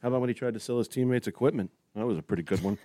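A man's voice: mid-range voice, rapid-fire, dark tone, dry recording, clean studio sound. A man co-hosting a talk show, teasing the others with wry jokes and laughing a lot. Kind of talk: casual banter.

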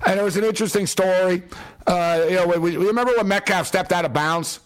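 A man with a high voice vents about football in a sarcastic, exasperated monologue. He talks bluntly and casually, like a fan commentator on his own show. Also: a little fast. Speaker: sports commentator. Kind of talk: opinionated sports rant.

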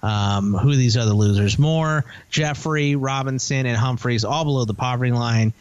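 A man with a mid-range, slightly mellow, clean voice co-hosts a casual fantasy football podcast, recorded lo-fi with no echo. He rambles and teases, quickly rattling off player names and prices.

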